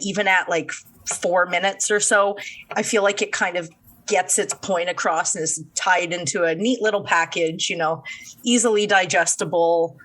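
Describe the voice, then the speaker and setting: A woman with a fairly low voice talks through an album in relaxed podcast chat. She is agreeable and easygoing as she shares her take. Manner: relaxed, agreeable with brief affirmations. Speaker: podcast co-host. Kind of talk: casual album review chat.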